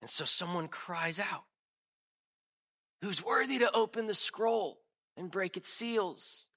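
A man preaching a sermon, dramatic, swinging between loud emphatic lines and hushed ones. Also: high voice, takes it slowly. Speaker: pastor.

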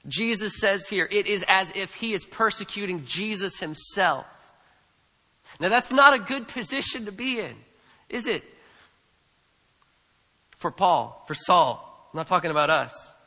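A man's voice: high voice, animated, measured pace, long pauses, sharp tone, long reverb tail. A man preaching a sermon, emphatic and repetitive, often asking the congregation questions. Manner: emphatic, repeats phrases, asks the congregation questions. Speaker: pastor.

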